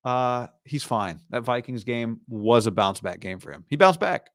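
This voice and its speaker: A male sports talk host riffs through a casual commentary monologue, hammering points home with repeated phrases. His voice sits at an ordinary middle pitch. The sound is dry and close, with no room around it. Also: lively intonation, normal speed, no room sound. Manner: emphatic, repeats lines for punch.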